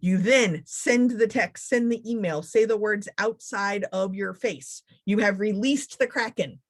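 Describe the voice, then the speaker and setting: Woman keynote speaker, sarcastic and funny, animated motivational talk. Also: mid-range voice, a little slow.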